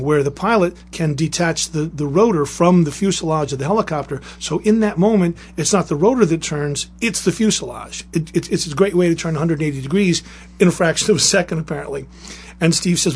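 Man, guest author, storyteller; husky, a bit high, animated delivery. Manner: lively anecdotal storytelling with restarts. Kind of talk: storytelling and reading aloud.

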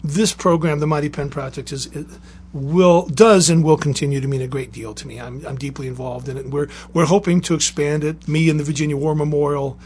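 A man telling a lively anecdote with restarts, then reading a story aloud as a guest author. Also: a little high, a little hiss or hum.

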